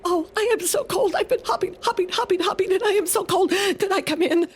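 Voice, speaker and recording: Squeaky high shivering rabbit girl, quavery and breathless, storybook critter, put on by a woman. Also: a little fast. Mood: pleading. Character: shivering little female rabbit, pleading.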